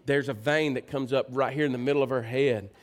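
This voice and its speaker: Man, pastor, folksy sermon, playful storytelling, quiet prayerful asides. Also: fairly even intonation, brisk. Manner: folksy storytelling, swings loud and high into playful mimicry; drops soft and low for prayerful passages.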